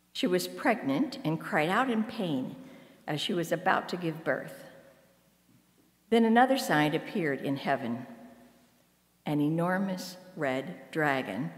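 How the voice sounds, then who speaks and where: A woman reading scripture aloud in a church at a measured pace. She raises her voice for the quoted speech. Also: lowish voice. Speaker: scripture reader. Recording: echoey hall with long reverb.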